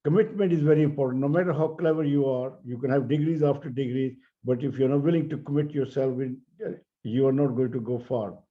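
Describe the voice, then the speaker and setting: An older man with an Indian English accent giving an earnest, measured conference speech, stressing key words. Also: mid-range voice, fairly even intonation. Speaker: keynote speaker. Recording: dull lo-fi audio.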